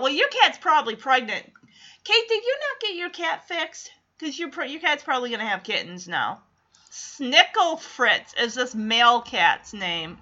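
A woman's voice: sits high, sharp tone, muffled recording. A woman animatedly recapping a TV episode, chatty and often laughing. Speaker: TV recap vlogger. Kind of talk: casual recap with clips.

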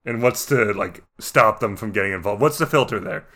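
A man's voice: lowish voice, fairly quick, bright, forceful tone. A man in casual chat about a tabletop game, thinking aloud with lots of restarts. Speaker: tabletop game podcast co-host.

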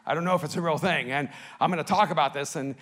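A man from El Salvador preaching a sermon, telling stories with big swings from soft to loud. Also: on the high side, fast. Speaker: pastor.

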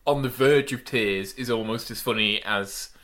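A man's voice: fairly low pitch, normal speed, a bit bright. A man co-hosting a casual chat, making dry, wry remarks. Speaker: podcast co-host.

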